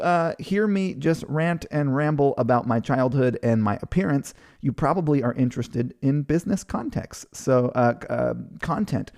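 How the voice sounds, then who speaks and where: A man's voice: medium pitch, lively intonation, normal speed, few pauses, a little mellow. A man in his thirties presenting a business training webinar in a chatty, informal way, with many fillers.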